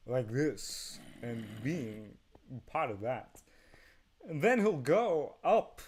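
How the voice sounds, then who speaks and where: A man doing an impression of a famous actor, stressing every word and swooping from low gravel to sudden highs. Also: slight background noise. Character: impression of a famous male actor, odd emphatic cadence.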